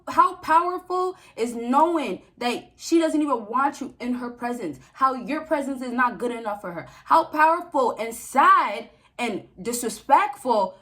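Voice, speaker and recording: A young woman with a high, pushed, bright voice gives men relationship advice in a casual, preachy vlog straight to camera. She repeats herself for emphasis and laughs often.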